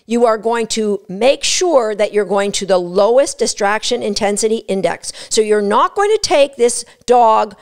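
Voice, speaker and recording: A woman explaining dog training step by step in an energetic, instructive way. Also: on the high side, clean tone. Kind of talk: instructional talk.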